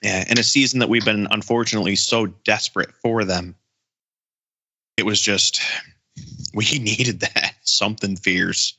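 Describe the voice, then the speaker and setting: Bright-voiced excitable podcast guy. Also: on the low side, measured pace. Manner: excitable, stammering restarts. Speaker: podcast co-host. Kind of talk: casual sports chat.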